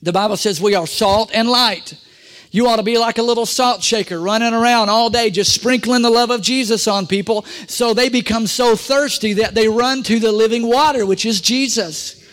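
A man's voice: very high voice, normal speed, fairly bright tone. A male pastor preaching a sermon in a church, leading the congregation in call-and-response with rhetorical questions and humorous asides. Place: church sanctuary.

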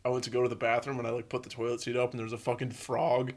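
A man telling stories in casual chat, relaxed, with frequent swearing and filler words. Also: medium pitch, very fast.

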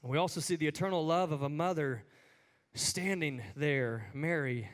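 At a moderate pace, a man preaches in a chatty manner, leaning heavily on the filler "like." As pastor, he pushes his voice up high and emphatic at the key moments.

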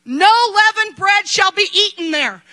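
Middle-aged lady pastor preaching, really high bright voice, gets loud then goes quiet. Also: lively intonation, measured pace, low-quality recording. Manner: impassioned, swings between shouting and quiet asides. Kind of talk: sermon.

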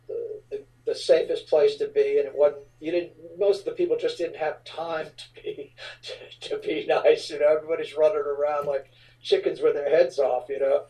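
Laid-back man, mellow and off-mic. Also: a little high, moderate pace, recorded from a distance, poor audio. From New Orleans area. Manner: relaxed, rambling with many fillers. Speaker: rock band frontman, guest. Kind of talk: casual interview storytelling.

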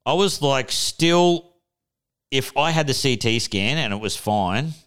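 A man's voice: mid-range voice, lively intonation, measured pace, a bit bright, clear, resonant tone. A young Australian man telling a story on a podcast in a laid-back, casual way, swearing freely. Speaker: podcast co-host. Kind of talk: casual chat.

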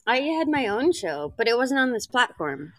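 A woman's voice: on the high side, very animated, moderate pace, a bit bright. Giggly woman guest with faint noise. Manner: giggly, defensive. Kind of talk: casual live podcast chat.

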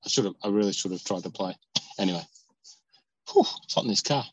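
A man's voice: on the low side, fast, breathy edge, no echo, poor audio. A man chatting as a podcast host, rambling and joking while sitting in a parked car. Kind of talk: casual chat.

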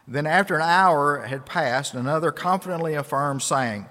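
A man's voice: mid-range voice, moderate pace, few pauses, a bit bright. Earnest preaching man in reverberant hall. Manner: earnest preaching, rising to emphatic bursts. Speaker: pastor. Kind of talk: sermon. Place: church sanctuary.

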